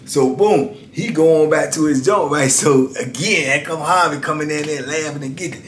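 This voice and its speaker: Middle-aged male storyteller, animated, acts out voices; slightly high pitch, echoey room. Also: normal speed, slight background noise. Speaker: YouTube storyteller. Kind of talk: casual storytelling. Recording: roomy echo.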